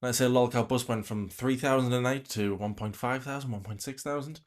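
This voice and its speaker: A man's voice: mid-range voice, steady tone, fairly quick. A man reacting to a livestream, talking bluntly with an exasperated, ranting manner. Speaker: reaction commentator.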